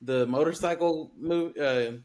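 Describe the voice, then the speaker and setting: A man with a Southern US accent hosting a casual movie podcast, talking hesitantly with many pauses and restarts. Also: a little high, darkish tone. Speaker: podcast host. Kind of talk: casual chat.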